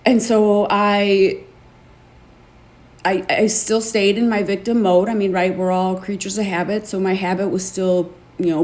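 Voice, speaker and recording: A woman hosting a show, telling her own story to an online audience in an earnest, emotional, confiding way, halting and repeating words as she gathers her thoughts. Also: mid-range voice, level tone, a little mellow. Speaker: podcast host. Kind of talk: candid personal testimony to an online audience.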